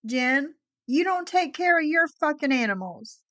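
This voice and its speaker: A woman with a high voice chats casually, speaking slowly and drawing out her words. The sound is dry and close, with no room echo. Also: lively intonation, sharp tone. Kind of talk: casual chat.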